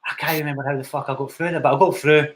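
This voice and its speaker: A man's voice: on the high side, fairly even intonation, very fast, fairly bright tone, a little hiss or hum. A young Scottish man, a film director, telling his story in a casual interview, blunt and swearing freely. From Scotland. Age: young adult.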